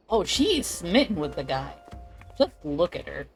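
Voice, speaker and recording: A woman's voice: sits low, very animated, normal speed, gravelly, soft background music, low-quality recording. Chatty woman streamer reacting. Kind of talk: live gaming stream commentary.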